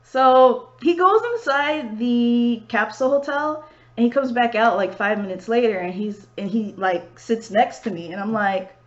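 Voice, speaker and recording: A woman's voice: on the high side, measured pace. A young woman chatting casually on a vlog, telling a travel story and acting out what people said to her. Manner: animated, acts out other people's lines in quotes. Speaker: vlog host. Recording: dull lo-fi sound.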